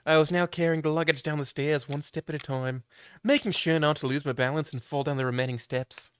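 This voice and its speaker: A man's voice: a little high, fairly even intonation, a little fast, a bit bright, clear, resonant tone, no echo. Young man streaming a game, dry sound. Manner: joking, swears, chats with viewers. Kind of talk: live game playthrough, reading aloud.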